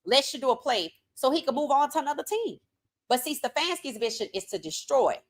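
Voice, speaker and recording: Woman, sports podcast host, outspoken, casual live-stream talk, fairly high voice. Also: animated, brisk. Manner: outspoken, reads chat comments aloud.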